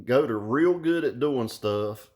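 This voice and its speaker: Slow-talking, profane ranting man. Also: medium pitch, lively intonation, a little mellow. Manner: profane, blunt, mocking. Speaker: vlog host. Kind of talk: casual rant.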